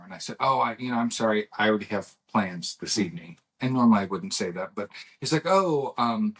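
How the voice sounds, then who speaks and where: A man's voice: on the low side, animated, brisk, fairly bright tone, husky. A middle-aged man co-hosting a podcast, chatting casually and telling rambling stories with restarts and acted-out dialogue. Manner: rambling storyteller who restarts and acts out dialogue. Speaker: podcast co-host. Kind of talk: casual chat.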